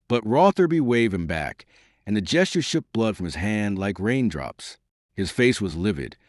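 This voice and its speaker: A man reading a historical novel aloud in an expressive, theatrical manner. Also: lowish voice, no echo, studio quality. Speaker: audiobook narrator. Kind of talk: scripted narration.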